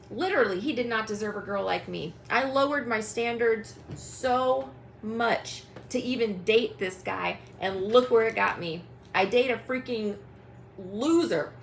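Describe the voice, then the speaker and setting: Young woman, livestream host, furious rant, swearing, mocking, slightly high voice. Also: slight background noise, poor audio. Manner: angry, profane, mocking, addresses people directly. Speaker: tarot reader hosting a livestream.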